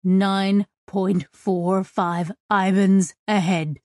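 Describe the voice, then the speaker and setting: A woman narrator voicing an entranced alien navigator who speaks in slow, halting numbers. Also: mid-range voice, steady tone, a little mellow, no room sound, clean studio sound. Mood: dazed.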